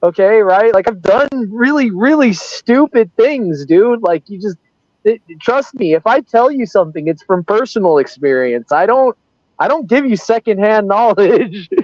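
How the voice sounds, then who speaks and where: A man's voice: high-pitched, lively intonation, normal speed, darkish tone, dry recording. A man in casual podcast chat, giving blunt, emphatic advice. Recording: dull, dry lo-fi sound.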